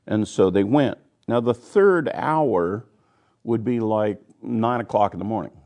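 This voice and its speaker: A man's voice: fairly low pitch, lively intonation, measured pace, a little mellow. A man teaching a Bible study, reading scripture passages aloud and then explaining them in plain, conversational terms.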